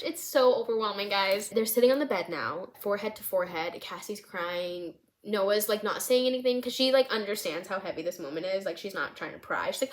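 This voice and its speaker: A young woman vlogging casually, retelling her script with lively, expressive storytelling and frequent fillers. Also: medium pitch, a little fast, hardly any pauses. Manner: animated storytelling, many "like" fillers. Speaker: vlogger writing a film script. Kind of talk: casual chat.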